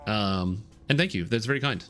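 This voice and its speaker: A Canadian man with a general North American accent, chatting casually on a game stream and enunciating each word clearly. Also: lowish voice, moderate pace, fairly bright tone, slight background noise. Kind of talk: casual live-stream chat.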